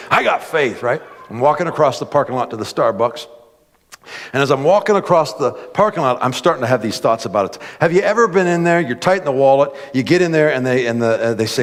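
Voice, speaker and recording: A man preaching a sermon, telling a story with lively asides, many filler words and acted-out voices. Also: on the high side, moderate pace. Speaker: pastor. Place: church hall. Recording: long hall reverb.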